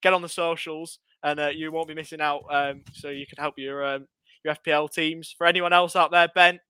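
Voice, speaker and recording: A man's voice: a little high, level tone, fairly quick, pushed and bright, smooth. A man co-hosting a fantasy football podcast, bantering and plugging the show. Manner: bantering, calls people mate. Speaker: podcast co-host. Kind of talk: casual fantasy football chat.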